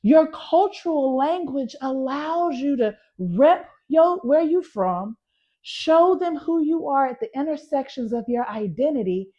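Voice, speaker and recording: Southern lady in her thirties coaching public speaking, kinda high voice, punchy and folksy, keeps repeating stuff, muffled lo-fi sound. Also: animated, a little slow, mellow. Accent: Southern American. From Southern United States. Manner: emphatic, folksy, repeats key phrases. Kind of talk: energetic teaching to camera. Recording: muffled, lo-fi recording.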